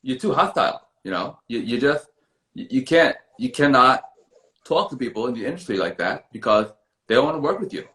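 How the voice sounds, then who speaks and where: Man putting on a smug mogul, patronizing, rambling, medium pitch. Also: expressive, a little fast, fairly bright tone, reverberant, natural voice. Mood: lecturing. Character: smug, laid-back male music mogul.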